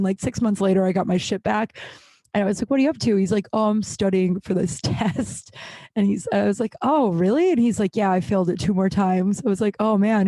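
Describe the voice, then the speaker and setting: A woman's voice: medium pitch, a little mellow, no room sound. A young adult woman hosting a casual solo podcast, telling rambling, candid stories full of fillers and laughs. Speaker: podcast host.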